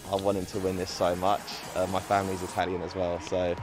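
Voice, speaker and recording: A young man from England chatting casually about tennis and family, relaxed and full of fillers. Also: sits low, quick pace, music in the background. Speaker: guest interviewee. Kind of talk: casual to-camera chat.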